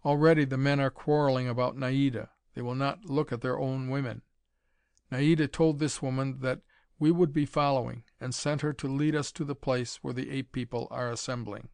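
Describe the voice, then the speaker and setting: Blunt young woman reporting news flatly, voiced by a male reader without much change, clear tone. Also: mid-range voice, normal speed, no room sound, clean studio sound, lightly acted. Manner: blunt, matter-of-fact.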